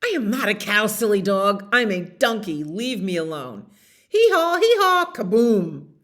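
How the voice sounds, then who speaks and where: A woman voicing an ornery donkey that brays loudly in a storybook reading. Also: medium pitch, sing-song, a little slow, pitched above the performer's own voice. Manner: braying, loud. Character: loud, braying ornery donkey.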